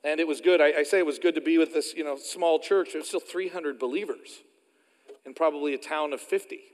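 A pastor with an Oklahoma accent delivers a sermon from the pulpit, speaking fairly quickly in a fairly high voice. A long reverb fills the sanctuary as he tells folksy, self-deprecating stories.

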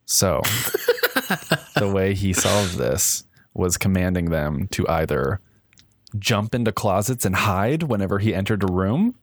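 Low-voiced man riffing on a comedy podcast. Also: measured pace. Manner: jokey, swears often, jumps into high-pitched impressions. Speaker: podcast co-host. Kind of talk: casual comedic chat.

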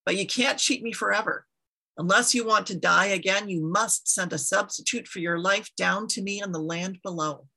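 A lonely, powerful queen of the underworld from a told myth, slow and moaning with a gravelly, husky tone, as a woman reads her. Her words drag out heavily. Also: medium pitch, bright, forceful tone. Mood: raging. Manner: moaning, pleading, then raging. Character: self-pitying goddess queen of the dead.

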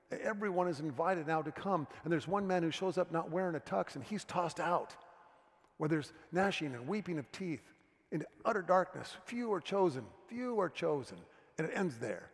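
A man preaching a sermon as a pastor, telling stories and dropping to a hushed tone for serious moments. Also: a little high. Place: church sanctuary. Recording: long church reverb.

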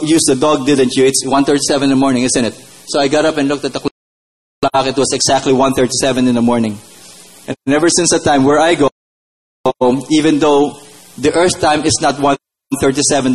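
A man's voice: medium pitch, rough recording. A man giving a personal testimony in a church service, retelling his prayers as a story. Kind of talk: testimony sermon.

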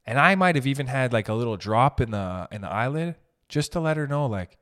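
A man ranting casually as a podcast host, profane and animated, swinging between loud bursts and muttered asides. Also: medium pitch, a little fast. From raised in an Italian family. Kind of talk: casual comedic rant.

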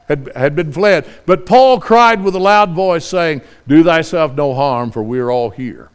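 A middle-aged man preaching a sermon, reading scripture quietly and then building to fervent, pleading questions. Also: fairly high pitch, expressive, measured pace, few pauses, clear, resonant tone.

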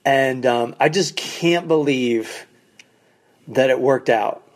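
A man's voice: mid-range voice, slow. A man who is a stand-up comedian, telling a story as a casual solo monologue in a wry, profane way from a condo basement. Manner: animated, acts out quoted people in raised voices. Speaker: stand-up comedian, podcast host.

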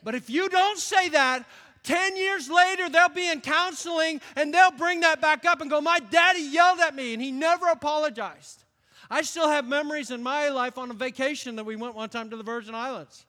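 A man in his late fifties from upstate New York, preaching a sermon in an animated storytelling way. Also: very high voice, normal speed. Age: late 50s. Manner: animated storytelling, acts out quoted voices. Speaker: pastor. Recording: long reverb of a large hall.

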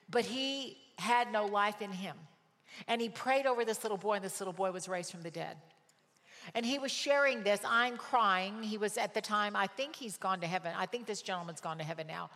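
A woman preaching a sermon, telling stories emphatically and repeating words for stress. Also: mid-range voice. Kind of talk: sermon with personal storytelling. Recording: long hall reverb.

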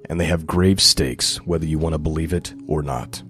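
A man's voice: extremely low pitch, moderate pace, over music. A male pastor giving a sermon, reading scripture aloud with lifted emphasis and then explaining it in plain, conversational asides.

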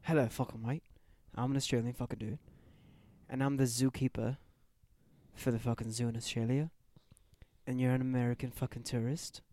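A man's voice: mid-range voice, level tone, moderate pace, mellow, no room sound, natural voice. A man in an improvised comedy sketch, voicing a brash, profane Australian zookeeper who blusters, stumbles over words and says "mate" constantly. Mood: blustering.

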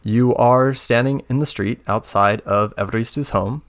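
A man narrating a tabletop game as game master, relaxed and hesitant. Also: mid-range voice, normal speed. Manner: relaxed, hesitant, many fillers.

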